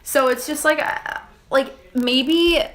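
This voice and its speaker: A woman's voice: sits high, fairly bright tone. A young woman co-hosting a podcast in casual chat, rambling with lots of fillers. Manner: rambling, many "like" fillers, quick laughs. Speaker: podcast co-host.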